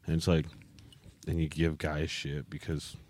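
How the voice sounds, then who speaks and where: A man's voice: a bass voice, little pitch movement, measured pace, a little mellow. A young man co-hosting a podcast, chatting casually with frequent swearing and laughter. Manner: crude, swearing, laughs often. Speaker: podcast co-host. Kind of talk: casual chat.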